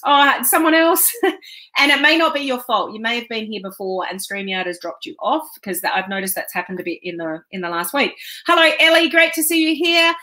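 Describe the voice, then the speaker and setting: A woman's voice: fairly high pitch, fairly quick, sharp tone. A woman business coach hosting a casual live stream, talking in a chatty, rambling way with frequent ums.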